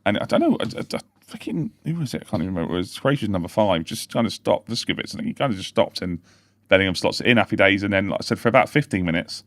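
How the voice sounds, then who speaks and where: Man, podcast host, low voice, dry close sound, sweary and easily sidetracked. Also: expressive, racing, no room sound. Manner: sweary, loses his train of thought, laughs easily. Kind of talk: casual football chat.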